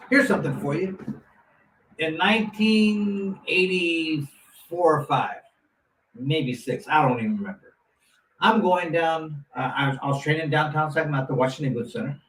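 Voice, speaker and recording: A man's voice: fairly high pitch, moderate pace. A former boxer in his fifties, telling a long casual story with many restarts and asides. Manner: rambling, animated anecdote with many restarts. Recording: roomy, distant mic, faint noise.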